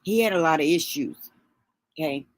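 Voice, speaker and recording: A grieving woman speaks in a low, husky-edged register, her words halting and full of restarts as she sniffles back tears. The sound is dry and close, with no room around her. She hosts a livestream and talks straight to her viewers. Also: animated, dry recording. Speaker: livestream host. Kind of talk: emotional livestream talk.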